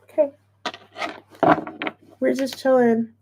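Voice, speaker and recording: A woman's voice: mid-range voice, a little slow, pauses often, dark tone. A woman giving a casual, playful tarot reading, chatting openly and emotionally as she shuffles and pulls cards. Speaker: tarot reader.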